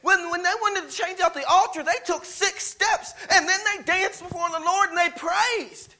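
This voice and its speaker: A man with a very high, bright, forceful voice preaches a sermon in a church. He stacks rhetorical questions on one another and urges his listeners along with repeated calls of "come on.". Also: moderate pace, poor audio. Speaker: guest preacher.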